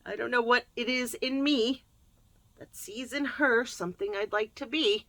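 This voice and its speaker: A woman chatting casually to camera as host, jokey and lively, laughing often. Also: on the high side, unhurried, no echo. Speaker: self-help video host.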